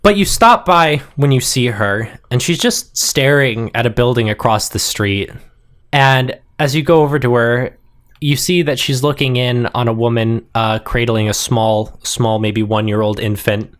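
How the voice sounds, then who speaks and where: A man narrating a tabletop role-play as game master, relaxed and wry. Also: medium pitch, a little slow.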